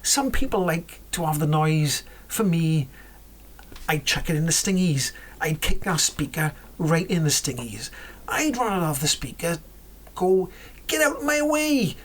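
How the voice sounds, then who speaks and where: Low and husky, this woman's voice carries a rambling, chatty car vlog. She keeps correcting herself and now and then lowers to whispered asides as she talks casually about cars.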